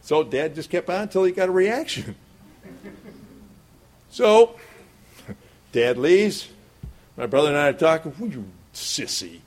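A man's voice: fairly high pitch, lively intonation, a little slow, pauses often, a little mellow. A middle-aged man preaching a sermon, telling a homespun childhood story in a folksy way and chuckling often.

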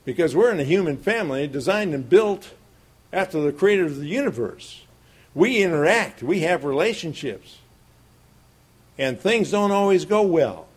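A man's voice: on the high side, big pitch swings, moderate pace, husky. A middle-aged man preaching a sermon, telling a homespun childhood story in a folksy way and chuckling often.

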